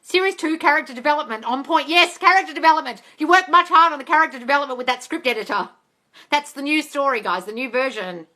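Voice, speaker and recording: A woman's voice: sits high, fast, bright, forceful tone. A woman hosting a live manifestation Q&A on her phone, reading comments aloud and answering bluntly and playfully, often swearing and calling people darling. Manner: blunt, profane, playful, calls everyone darling.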